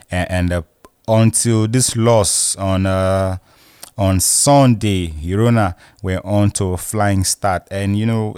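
A man hosting a football podcast, talking loosely and filling pauses with "you know" and "uh" as he runs through the weekend's results. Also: low-pitched, darkish tone, dry recording. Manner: rambling, peppered with "you know" and "uh". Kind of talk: casual football chat.

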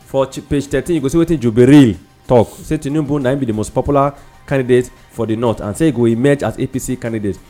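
A man's voice: medium pitch, fast talker, warm tone, soft background music. A man with a Nigerian accent hosting a newspaper review show, joking and laughing often in casual banter.

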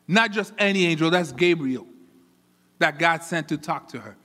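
A man preaching a sermon as pastor, animated, often repeating words as he builds a point. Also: on the high side, moderate pace, big-room sound. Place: church.

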